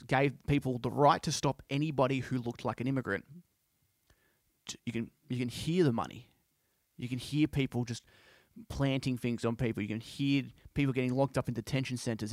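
A man hosting a podcast, speaking in an impassioned, halting way with many restarts. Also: mid-range voice, no echo, studio quality. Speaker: podcast host. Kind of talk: casual monologue.

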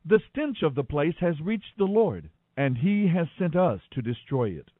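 A man's voice: fairly high pitch, very animated, unhurried, dry recording, narrow, tinny audio. A man reading scripture, voicing stern male angels who give urgent commands.

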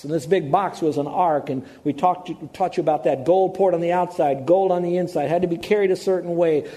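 A man's voice: on the high side, mellow. A man preaching a sermon as a pastor, conversational, repeating key words for emphasis. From Hawaii.

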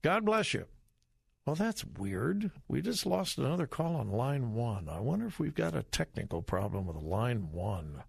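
A man hosting call-in talk radio in a dry studio, his delivery lively and swinging up and down in pitch. There is a gravelly edge to his voice. He comes across as folksy and chatty. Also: moderate pace, few pauses, no room sound. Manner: animated, folksy, laughs easily. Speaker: radio talk show host. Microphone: studio mic.

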